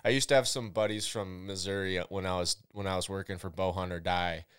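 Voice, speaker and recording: Smooth low-voiced male podcast host. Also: steady tone, brisk, a bit bright, no echo, clean studio sound. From Minnesota. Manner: friendly, laughs easily. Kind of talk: casual interview chat.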